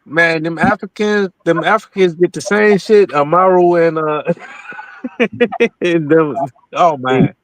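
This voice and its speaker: A man's voice: on the high side, slow, dry recording, poor audio. A man co-hosting a podcast, talking in a blunt, slangy, casual way. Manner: blunt, slangy, laughs a lot. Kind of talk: casual chat.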